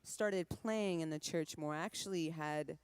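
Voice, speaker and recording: Low-voiced chatty woman from Trinidad. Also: darkish tone, smooth, dry recording. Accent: light Caribbean under an American accent. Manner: chatty, laughing, quick asides. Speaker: musician guest. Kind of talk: casual interview chat.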